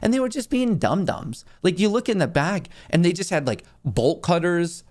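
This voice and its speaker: A young man hosts his own show and tells a story casually. His voice sits a little high and swings widely in pitch. He acts out each person in the story as he goes. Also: expressive, normal speed, darkish tone. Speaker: show host.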